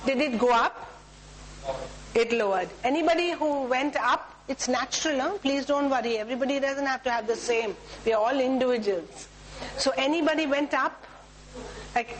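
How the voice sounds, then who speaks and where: A woman with an Indian English accent guides a roomful of people through an emotional tapping routine, her voice sitting a little high. She gives short instructions and chants the same word over and over in a steady rhythm. A faint hum runs underneath the recording. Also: low-quality recording. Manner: instructive, repetitive chanting of cue words. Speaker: workshop leader. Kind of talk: guiding a group through a tapping exercise. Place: talk room with a group.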